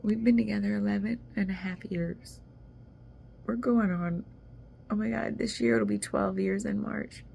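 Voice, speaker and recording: A woman's voice: medium pitch, steady tone, normal speed, vocal fry, dark tone, husky. A woman talking casually in a video journal, rambling and emotional as she confides personal news. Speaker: vlogger.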